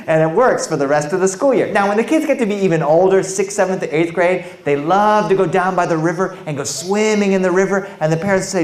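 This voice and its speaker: A man performing a story for children, dramatic and animated, addressing the audience directly, in an echoey room. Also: high voice, a little fast, hardly any pauses. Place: performance space with a young audience.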